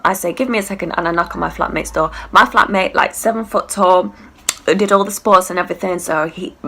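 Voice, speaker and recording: Brash sweary girl telling a story, gravelly edge, bright voice. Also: lowish voice. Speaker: vlogger. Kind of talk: storytime vlog.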